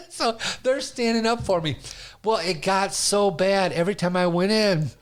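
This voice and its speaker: A man, a stand-up comedian, telling stories as a guest in a casual interview, animated and often laughing. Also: sits high, normal speed. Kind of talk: casual storytelling.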